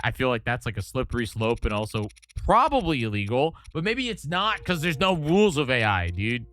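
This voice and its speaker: A man with a somewhat bright, higher-pitched voice streams live, chatting casually and rambling through his thoughts with frequent restarts.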